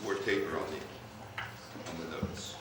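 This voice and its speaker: A man conducting a wind band rehearsal, giving brisk instructions and singing phrases aloud. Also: extremely low pitch. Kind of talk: rehearsal coaching. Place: rehearsal hall. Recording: echoey hall, distant mic, band playing.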